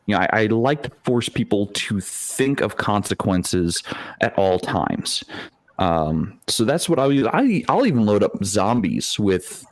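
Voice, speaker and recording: A man on a podcast panel, explaining his game-running tactics in a casual, animated way with frequent restarts. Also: on the low side, a little slow, no echo. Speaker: dungeon master panelist.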